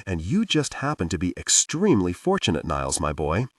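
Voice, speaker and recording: A man's voice: low-pitched, wildly swooping pitch, fairly quick, husky, no room sound, far from the mic, heavily acted. A man reading a wry older woman. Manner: dry teasing wit.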